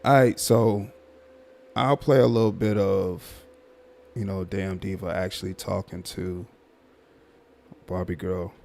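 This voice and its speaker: A man hosting a casual livestream commentary, talking to his viewers in a drawn-out, repetitive, emphatic way. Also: low voice, steady tone, creaky, darkish tone, a little hiss or hum.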